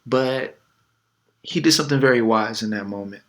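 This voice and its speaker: A man's voice: mid-range voice, normal speed. A man coaching on dating in a casual, conversational way, full of fillers and little acted quotes. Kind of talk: casual advice talk.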